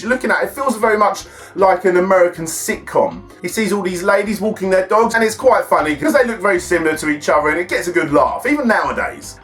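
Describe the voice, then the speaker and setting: A man's voice: high voice, fairly bright tone. A man hosting a film and game review, chatty and enthusiastic. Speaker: host.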